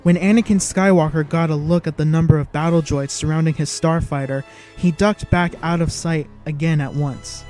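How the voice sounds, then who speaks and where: A man's voice: on the high side, dark tone. A man giving dramatic, vivid scripted narration of an audiobook.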